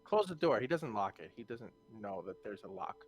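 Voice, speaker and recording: A man's voice: on the low side, very animated, normal speed, husky, faint music behind. A man playing a tabletop game, describing his character's actions hesitantly as he thinks aloud. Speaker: player. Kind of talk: casual table talk.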